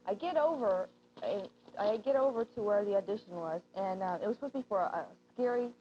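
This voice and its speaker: A woman's voice: mid-range voice, animated, fairly quick. A woman co-hosting a shopping channel, chatting casually on air and telling a story while acting out the lines people said. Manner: chatty storyteller who acts out quoted lines. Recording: dull lo-fi TV broadcast audio.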